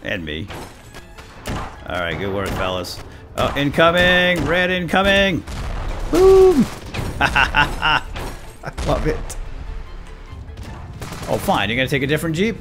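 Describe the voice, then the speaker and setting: Excitable man playing a war game, lively pitch. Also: slow pace, long pauses. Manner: excitable, jokey, talks to teammates. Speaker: let's play gamer. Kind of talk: casual gameplay commentary. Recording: game music behind voice.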